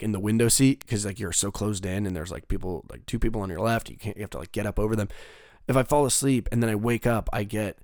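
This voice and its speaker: A man's voice: on the low side, darkish tone, no room sound, studio quality. A young man telling a rambling, profane story in a casual monologue, full of fillers and restarts.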